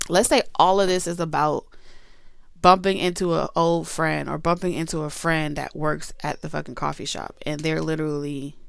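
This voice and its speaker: A chatty woman gives a loose tarot reading. She talks in a smooth, low-leaning voice and curses freely while she addresses viewers. The sound is close and dry. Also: dry recording. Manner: chatty and emphatic, with swearing and asides to viewers. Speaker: tarot reader.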